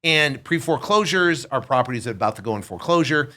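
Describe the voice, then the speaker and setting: A man's voice: mid-range voice, fast talker. A man in his fifties, a podcast guest, telling a story in casual chat and acting out the voices of the people in it. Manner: animated, acts out voices in his stories.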